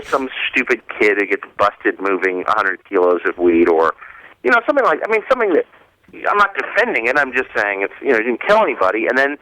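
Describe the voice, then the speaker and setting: A man in his thirties calling in as a radio show guest, bantering casually and jumping into a high voice when he mocks someone. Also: a little hiss or hum. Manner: animated, voice jumps high when mocking. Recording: call-in phone line.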